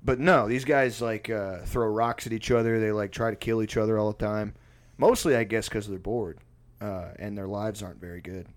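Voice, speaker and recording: A man's voice: on the low side, steady tone, normal speed. A man who plays music, telling a rambling, profane story in casual chat and laughing often.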